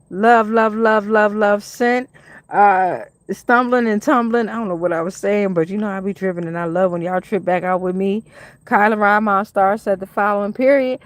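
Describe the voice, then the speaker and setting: A woman hosts a casual tarot livestream and talks straight to her viewers in loose, frank slang. She swears freely and keeps reacting to the chat, calling out viewers by name. Her voice sits at an ordinary middle pitch. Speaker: tarot reader hosting a livestream.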